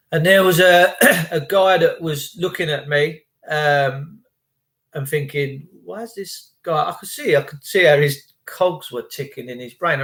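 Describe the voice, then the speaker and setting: A man's voice: on the high side, fairly bright tone. A man hosting his own channel, talking in a casual, opinionated monologue. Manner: chatty, quotes people in their own voices. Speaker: channel host.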